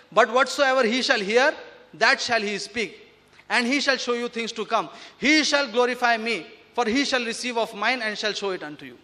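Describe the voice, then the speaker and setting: Emphatic male lecturer with a very high voice, preaching to an audience; rhetorical questions, recorded in a reverberant hall. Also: bright, forceful tone. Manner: emphatic, slows down to recite scripture. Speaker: speaker at an Islamic awareness event.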